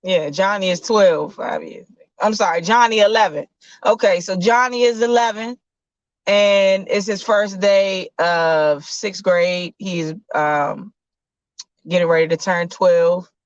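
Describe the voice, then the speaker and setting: A woman telling a casual, slangy story, often pausing and correcting herself. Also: medium pitch, dry recording. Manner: relaxed, slangy, with fillers and self-corrections. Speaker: podcast host. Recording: dull lo-fi sound.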